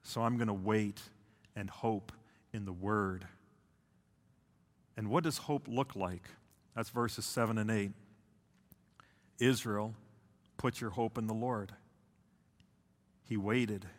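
Male pastor, sermon delivery, dramatic swings in intensity, reverberant church hall. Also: fairly low pitch. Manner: preaching, intense then hushed, drawn-out phrases.

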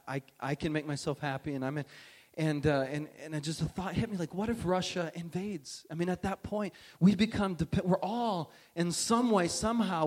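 A man tells a story from the pulpit with lively energy, and his voice sits a little high for a man. When he quotes the people in his story he sinks into a low, hushed tone. He restarts his sentences often as he goes. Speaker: preacher. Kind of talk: sermon storytelling.

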